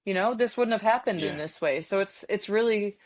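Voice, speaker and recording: A woman's voice: medium pitch, lively intonation, fairly quick. An American woman hosting a podcast, chatting casually with lots of fillers like um and like. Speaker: podcast host. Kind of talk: casual conversation.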